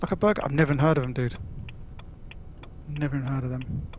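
At a fast, medium-pitched clip, a Cockney man from London chats matily with viewers as he live-streams a game, swearing freely. Background noise can be heard.

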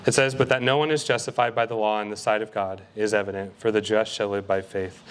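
Man, young adult, guest preacher, earnest, emphatic, mid-pitched voice. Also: a bit bright. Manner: earnest, emphatic, slows down to read scripture aloud. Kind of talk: sermon. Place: college ministry service.

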